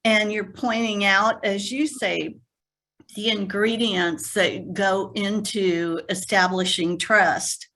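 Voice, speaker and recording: A woman speaks up from the workshop audience at an unhurried pace. She weighs her words slowly and measures her answer, pausing with small fillers. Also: medium pitch, fairly even intonation, a bit bright. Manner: slow, thoughtful, measured with fillers. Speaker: workshop participant.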